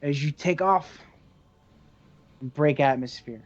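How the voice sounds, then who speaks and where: A man's voice: on the high side, takes it slowly. A man narrating as game master of a tabletop game, in loose, hesitant speech full of fillers. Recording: dull lo-fi recording.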